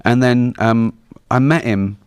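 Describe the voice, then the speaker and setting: A man's voice: mid-range voice, measured pace, clean tone, no echo. A middle-aged English man spins loose, rambling anecdotes, stopping and restarting and breaking into laughter at his own jokes. His voice sits in an ordinary middle register and sounds close and dry, with little room around it. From England. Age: 40s. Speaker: comedian guest. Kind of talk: casual anecdotal interview talk.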